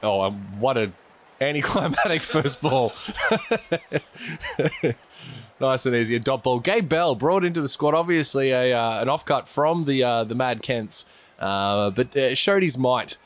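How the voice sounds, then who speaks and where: Man, cricket co-commentator, chatty, mid pitch. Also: normal speed, a little hiss or hum. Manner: loose and chatty, with fillers and laughs.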